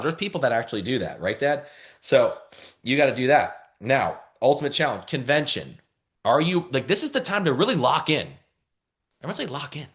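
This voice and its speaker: Lively motivational man on a call. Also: mid-range voice, moderate pace. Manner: energetic, repeats phrases, calls for responses. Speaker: team leader. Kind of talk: motivational talk on a video call. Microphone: video call.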